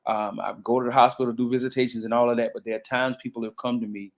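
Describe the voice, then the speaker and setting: A man's voice: medium pitch, little pitch movement, fast. A man, a pastor, talking in a panel conversation in a reflective way with frequent restarts and fillers.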